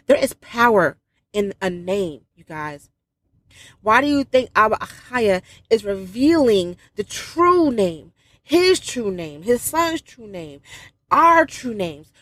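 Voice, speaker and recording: Fervent woman preaching, higher voice. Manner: emphatic and repetitive, with brief self-amused laughs. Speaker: religious video speaker. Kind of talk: fervent spiritual address to followers.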